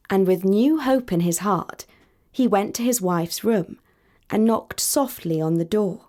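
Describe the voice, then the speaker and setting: A woman storyteller narrating a fairy tale in a clear, measured, deliberate way. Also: mid-range voice, mellow.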